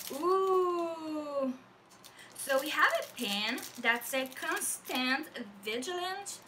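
A woman's voice: high voice, distant mic, background noise. A young woman with a French accent, a native French speaker, gushing through a casual unboxing vlog with lots of fillers. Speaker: vlogger.

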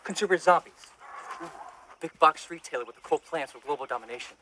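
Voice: mid-range voice, fast, sharp tone, a little hiss or hum, close to an everyday voice. An actor playing Roo, a wisecracking undead cemetery night watchman, in a horror-comedy short film. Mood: wry.

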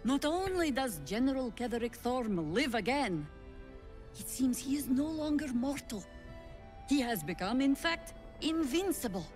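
Veteran resistance leader, video game voice, grave, commanding, foreign-sounding accent. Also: female voice, high-pitched, very animated, measured pace, darkish tone, soft background music. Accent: foreign-sounding, not named. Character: stern veteran woman leader of a resistance band.

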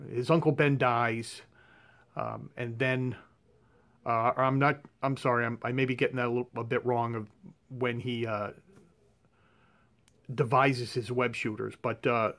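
Rambling, hesitant man showing his collection. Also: medium pitch. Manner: rambling, hesitant, lots of fillers and restarts. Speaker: comic art collector. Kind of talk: casual show-and-tell vlog. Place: his own room at home.

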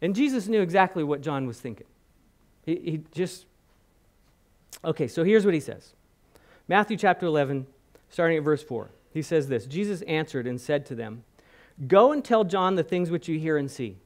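Man, preacher, high-pitched, very expressive, storytelling sermon, questions the congregation. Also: normal speed, long pauses. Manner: animated storytelling, acting out quoted voices. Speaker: guest preacher. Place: church hall.

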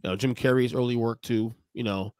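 A man's voice: mid-range voice, steady tone, fairly quick, darkish tone, no echo, studio quality. A man joining a casual podcast as a guest, teasing and laughing often.

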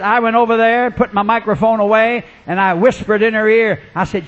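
Fervent high-voiced shouting preacher. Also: male voice, fairly even intonation, fairly quick, hardly any pauses, highs cut off. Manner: fervent, swings from low storytelling to shouting; acts out people in his stories. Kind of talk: revival sermon.

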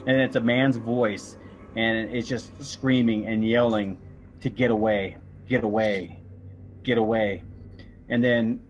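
A man narrating as game master in a tabletop horror game, describing events in a relaxed, halting way. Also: lowish voice, slight background noise. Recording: slightly dull lo-fi recording.

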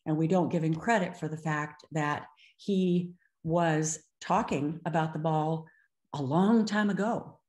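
A woman's voice: low-pitched, a little slow, darkish tone. An older woman giving a webinar lecture as a speech-language clinician, talking expressively and slipping into other voices when she quotes children and parents. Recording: roomy echo.

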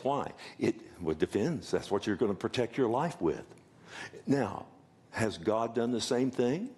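A man's voice: mid-range voice, mellow. An older man preaching a sermon, folksy, with joking asides and many rhetorical questions. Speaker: pastor.

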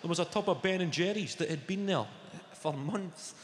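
Scottish male stand-up, brash and sweary, fairly high voice, live echoey theatre sound. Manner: brash, sweary storytelling with rapid food lists. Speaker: stand-up comedian. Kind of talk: stand-up routine. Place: large theatre stage. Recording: echoey live hall with loud room ambience.

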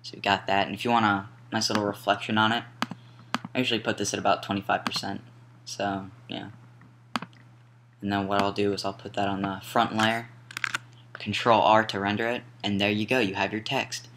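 A young man casually talking through a software tutorial step by step, now and then apologizing and correcting himself. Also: on the low side, flat delivery, brisk, background noise. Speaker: tutorial maker. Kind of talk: screen-recorded software tutorial. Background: mouse clicks and typing.

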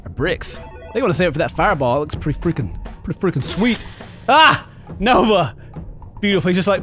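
Giggly, animated gaming commentator man. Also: high-pitched, fairly quick, soft background music. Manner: giggly, mock-dramatic, excitable. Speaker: gaming YouTuber. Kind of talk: gameplay commentary.

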